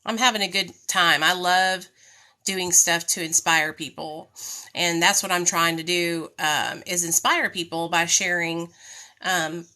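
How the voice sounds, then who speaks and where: A woman's voice: on the low side, steady tone, a little slow, sharp tone. A woman chatting casually on a livestream, greeting viewers by name and venting when something goes wrong. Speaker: vlogger.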